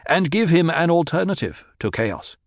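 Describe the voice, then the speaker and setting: A man plays an imperious young duke heir who talks down to his elders in a forceful, cold voice. The audiobook sound is dry and close, with no room around it. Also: fairly high pitch, sing-song, normal speed, dry recording, pitched above the performer's own voice. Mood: commanding.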